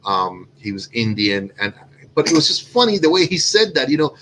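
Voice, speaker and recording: A man's voice: medium pitch, big pitch swings, moderate pace, fairly bright tone, slight background noise, poor audio. A man from Cuba hosting a casual cigar show, rambling and correcting himself with lots of fillers. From Cuban. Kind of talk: casual chat.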